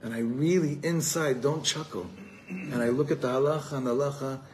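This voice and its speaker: A man gives a storytelling sermon to an evening gathering, his voice pitched in the middle range. He acts out the people in his story as he talks, over faint background noise. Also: a little fast. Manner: animated storyteller acting out quoted voices. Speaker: rabbi teaching a gathering.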